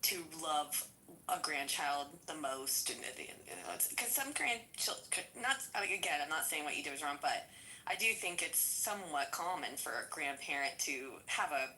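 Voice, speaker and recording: Low lively woman hedging gently. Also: moderate pace, slight background noise, low-quality recording. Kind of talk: casual podcast chat.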